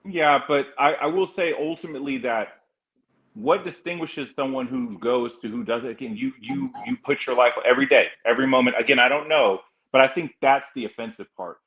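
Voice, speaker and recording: A man's voice: medium pitch, a little fast, phone-quality sound. A man from California hosting a casual panel chat, rambling and restarting his sentences often. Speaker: podcast host.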